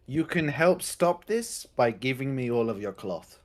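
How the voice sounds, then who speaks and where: A man's voice: medium pitch, animated, a little slow, hardly any pauses. Man trading jokes over voice chat. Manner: jokey, teasing banter. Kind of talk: casual gaming chat.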